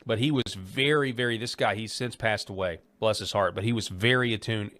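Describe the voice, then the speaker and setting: Male interview host, low voice, dry close sound, hesitant and repetitive delivery. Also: a bit bright, no room sound. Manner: halting, repeats words, many fillers. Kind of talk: conversational interview.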